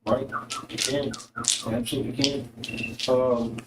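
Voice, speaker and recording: A man's voice: medium pitch, level tone, a little slow, heavy background noise. A man narrating as game master, in a loose, rambling way full of fillers. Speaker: dungeon master. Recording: echoey room, voice from a distance.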